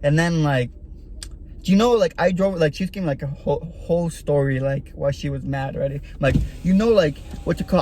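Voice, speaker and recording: A young man rambles through a casual storytime vlog, leaning on filler words as he goes. His voice sits a bit high for a man but sounds mellow and soft-edged. Faint car noise hums behind him. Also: moderate pace. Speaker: vlogger.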